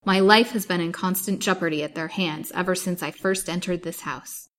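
A woman's voice: on the low side, steady tone, moderate pace, a bit bright, close to an everyday voice. A woman voicing a proud young woman who turns on her captors, imperious and cutting, in a storybook reading. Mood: scornful.

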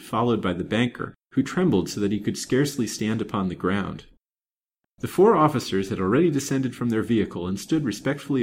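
A man narrating a serialized old novel in a measured, dramatic reading. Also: lowish voice, slight background noise. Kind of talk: scripted audiobook narration.

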